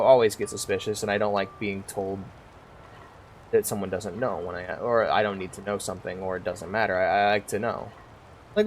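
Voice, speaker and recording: Low-voiced stoned man rambling candidly. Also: slight background noise. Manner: candid, meandering, swears freely. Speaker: streamer. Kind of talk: casual rambling monologue over gameplay.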